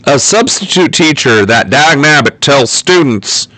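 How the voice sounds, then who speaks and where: A man's voice: mid-range voice, very animated, normal speed, pushed and bright, no echo. A man hosting a political livestream in a sarcastic, joking, self-mocking way. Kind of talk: casual livestream commentary.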